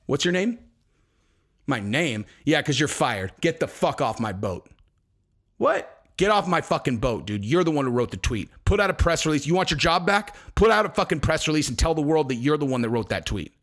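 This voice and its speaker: A man's voice: a little high, sing-song, normal speed, a bit bright, exaggerated voice. A man playing a drunk, cocky male fighter, talking profane trash in a swaggering way. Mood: indignant. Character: drunk, cocky male fighter boasting about his tweets.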